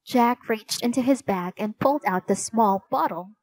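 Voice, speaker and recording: A woman narrating a children's storybook in a slow, clear reading voice. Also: a little high, a little mellow, poor audio.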